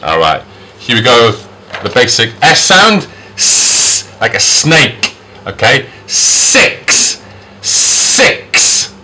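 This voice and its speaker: Slow, lively male phonics teacher. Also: slight background noise. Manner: slow, repeats each sound several times; pitch jumps up on model words. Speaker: English pronunciation teacher. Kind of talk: phonics lesson.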